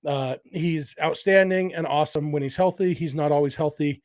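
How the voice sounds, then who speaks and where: A middle-aged man chats through a sports podcast in a casual, think-out-loud way, full of fillers and small restarts. His voice sits a little high for a man. The recording is close and dry, with no room sound. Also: moderate pace, no room sound. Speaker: podcast host.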